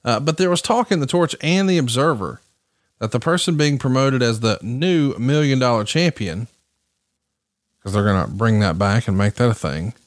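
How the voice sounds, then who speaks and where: A man's voice: mid-range voice, moderate pace, no room sound, studio quality. Man host asking detailed questions. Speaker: podcast host. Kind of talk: interview questions.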